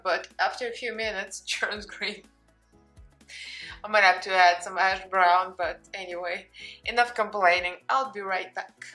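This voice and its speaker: Young woman, Russian accent, mid-pitched, chatty makeup vlogger, faint music under her. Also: sharp tone. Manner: chatty, talks to her cat between steps. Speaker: beauty vlogger. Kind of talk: casual makeup tutorial chat.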